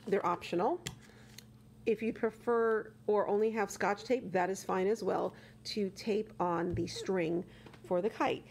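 Slow, gentle woman reading to children. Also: medium pitch, creaky. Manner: gentle, asks children questions, exclamatory. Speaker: children's librarian. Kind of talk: children's storytime reading and craft instructions. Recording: steady background hum.

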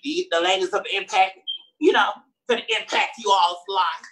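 A woman of medium pitch sounds expressive and fairly bright, speaking at a normal pace on a rough recording. Hosting a live-streamed show, she welcomes the crowd and introduces the acts while bantering with playful sass.

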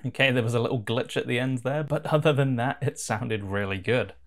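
A man giving a relaxed, casual voice-over as he walks through a software tutorial. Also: medium pitch, brisk. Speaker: tutorial host.

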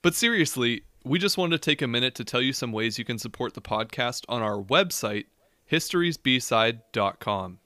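Bright-voiced male co-host, dry sound. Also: mid-range voice, lively intonation, normal speed, no echo. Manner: quips and asks questions, chatty. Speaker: podcast co-host. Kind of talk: casual chat and ad reads.

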